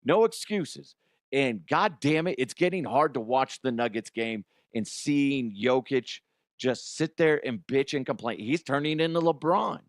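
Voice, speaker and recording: Blunt, cursing sports-show host, animated delivery, dry close sound. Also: male voice, medium pitch, measured pace, no echo. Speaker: sports comedy podcast host. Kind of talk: profane sports rant.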